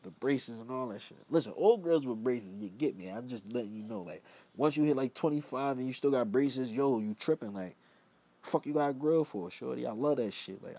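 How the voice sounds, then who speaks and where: Speaking at a medium pitch with a darkish tone, a young man from Philadelphia runs his own show. The talk is a loose solo ramble that repeatedly trails off into mumbled side comments.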